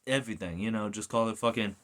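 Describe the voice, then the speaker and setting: A man's voice: fairly low pitch, fast talker. A man giving a casual ranting video review, swearing often and going off on tangents. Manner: animated, swears a lot, goes off on rants.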